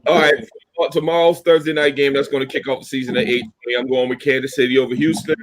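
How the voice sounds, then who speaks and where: A man's voice: mid-range voice, level tone, fast talker, low-quality recording. A man co-hosting a casual sports podcast, steadily listing his picks with dry jabs. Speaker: podcast co-host.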